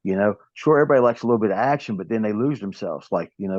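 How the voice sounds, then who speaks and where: A man's voice: fairly low pitch, expressive, very fast, a little mellow, dry recording. A man in his fifties with a Southern US accent, a pro wrestler telling rambling stories as an interview guest. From American South. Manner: rambling storytelling with many restarts. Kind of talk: casual interview talk. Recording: dull lo-fi, dry sound.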